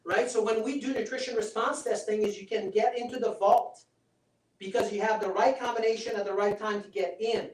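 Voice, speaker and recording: A man's voice: high voice, fairly even intonation, a little fast. A man giving a live health seminar, persuasive and chatty, often checking in with the audience. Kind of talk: live seminar talk with demonstration. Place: seminar room. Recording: roomy sound from a distant mic.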